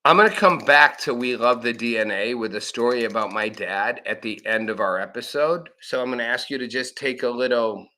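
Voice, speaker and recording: Male host, bright forceful tone, blunt profane commentary. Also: mid-range voice, brisk, few pauses. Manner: blunt, profane, acts out quoted voices. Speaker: show host. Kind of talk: opinionated live commentary.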